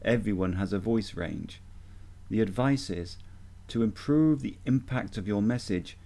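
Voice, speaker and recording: A man giving a measured, deliberate instructional talk as a voice coach. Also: fairly low pitch, expressive, gravelly, dark tone.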